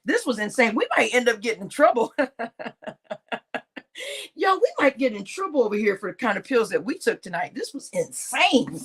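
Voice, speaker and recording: A woman hosting a casual live stream, chatting and laughing with her viewers and addressing them as y'all. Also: on the high side. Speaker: livestream host.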